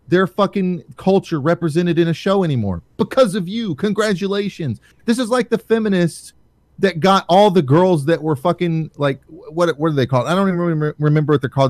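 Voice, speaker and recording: Man, fiery sarcastic swearing rant, slightly high voice, dry close sound. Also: a little mellow, no echo. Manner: profane, heated, sarcastic. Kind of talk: casual ranting chat.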